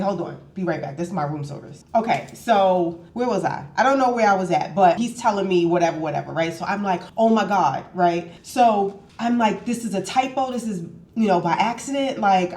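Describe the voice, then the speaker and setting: Animated woman vlogger telling a story. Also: mid-range voice, echoey room. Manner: animated storytelling, acts out both sides of the dialogue. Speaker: travel vlogger. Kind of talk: casual storytime chat. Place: hotel room.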